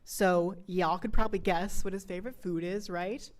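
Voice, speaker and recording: A woman's voice: fairly low pitch, steady tone, normal speed. A young adult woman doing a self-mocking stand-up set over a video call, often laughing through her own lines. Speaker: stand-up comedian.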